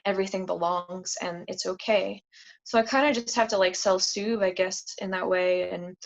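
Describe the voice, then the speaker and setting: A woman guests on a podcast, talking candidly and casually in a mid-range, steady, creaky voice at normal speed. She's earnest, says "like" a lot, and acts out quotes in a livelier voice, all in dull lo-fi podcast audio.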